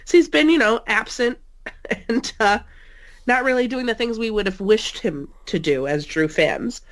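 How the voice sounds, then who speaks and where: A woman's voice: fairly high pitch, a little slow. A woman co-hosting a casual wrestling podcast from a remote call, nasal and congested from a cold, teasing and laughing often. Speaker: co-host. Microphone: remote call mic.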